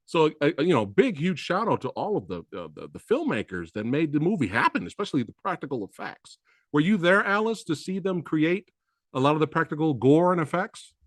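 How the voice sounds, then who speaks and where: A male interview host talks with big, hammy excitement, and his pitch swings widely. His voice sits somewhat high for a man, and the sound is close and dry. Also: a little fast, dry recording. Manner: hyped, exclamatory, hammy. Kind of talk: enthusiastic interview chat.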